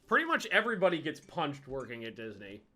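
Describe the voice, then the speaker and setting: A man hosting a gaming video, telling rambling, profane anecdotes in a casual, animated way. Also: a little high, quick pace. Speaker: gaming channel host. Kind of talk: casual storytelling over gameplay.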